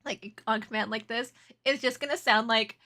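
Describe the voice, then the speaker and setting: Giggly bright-voiced woman streamer. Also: on the high side, steady tone, normal speed. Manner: giggly, laughs often, flustered and chatty. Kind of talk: casual live-stream chat.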